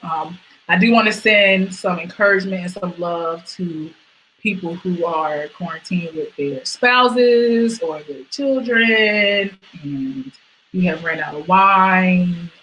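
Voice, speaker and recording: A young woman performing a stand-up set from home over a video stream, jumping to high squeals and dropping to mutters. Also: slight background noise, low-quality recording. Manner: animated, with sudden high squeals and drops to mutters. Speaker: stand-up comedian.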